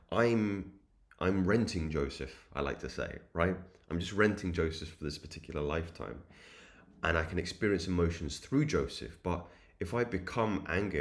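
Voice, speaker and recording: Deep-voiced man preaching self-improvement. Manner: earnest, repetitive, preachy cadence. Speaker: self-improvement channel host. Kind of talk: spiritual motivational monologue.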